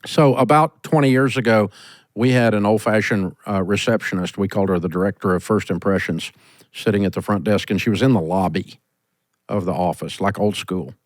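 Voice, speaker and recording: A middle-aged man hosting a call-in business advice show, blunt and animated as he tells stories, recorded in a studio. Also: on the low side, brisk, dry recording. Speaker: host giving business advice.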